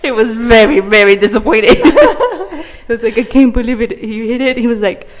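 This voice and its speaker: Young woman rambling through a funny story, lots of giggles, kinda high voice, echoey room. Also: fairly even intonation, fairly quick. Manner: laughs often while telling a story. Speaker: podcast co-host. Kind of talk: casual storytelling chat. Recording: roomy hall reverb.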